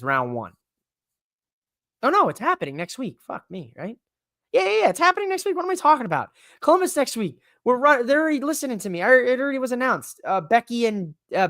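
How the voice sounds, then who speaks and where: Excitable man hosting a podcast, dry sound. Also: sits high, brisk, dry recording. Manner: excitable, rambling, emphatic. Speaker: podcast host. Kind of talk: casual live-stream talk.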